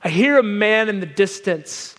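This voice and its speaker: Brief: male preacher, lively storyteller, high-pitched, reverberant hall. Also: moderate pace. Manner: animated, self-deprecating. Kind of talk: sermon storytelling. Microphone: wearing a microphone.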